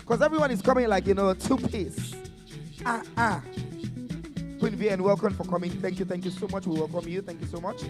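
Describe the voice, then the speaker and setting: A man's voice: high voice, steady tone, normal speed, long reverb tail, music in the background. A man with a Nigerian accent hosting a live expo panel, teasing guests and hyping them up in a playful sing-song way. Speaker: event host. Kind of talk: lively live event emceeing. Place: expo stage with music behind.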